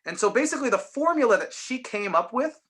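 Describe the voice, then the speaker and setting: A man's voice: very high-pitched, animated, fast, a bit bright. A man teaching a voice lesson, patiently explaining and demonstrating lines by speaking and singing them.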